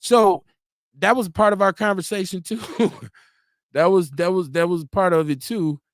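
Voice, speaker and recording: A man hosting a live talk stream in a loose, animated way, reading viewer comments aloud and acting out quotes. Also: high-pitched, normal speed, dry recording, studio quality. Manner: loose, animated, laughs often, acts out quotes. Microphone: streaming mic.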